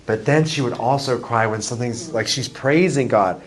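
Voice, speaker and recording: A man's voice: mid-range voice, normal speed. Male math teacher, chatty and self-deprecating, noisy classroom capture.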